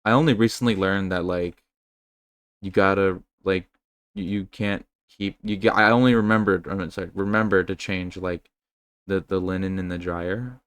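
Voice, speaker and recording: Low-pitched, clear and resonant, this man talks at a normal speed with no room sound around him. He co-hosts a podcast and rambles through animated, swear-filled stories in casual conversation.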